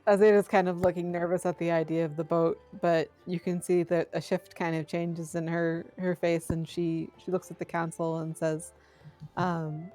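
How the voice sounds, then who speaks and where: A woman player at a tabletop game speaks in a somewhat low voice. She lays out her character's actions and words, with faint music behind her. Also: little pitch movement, moderate pace, mellow.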